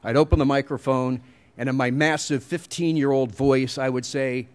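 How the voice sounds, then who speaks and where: A man's voice: medium pitch, fairly even intonation, normal speed, a little mellow. Wry middle-aged man giving a commencement speech. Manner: wry, self-deprecating storytelling. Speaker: commencement speaker.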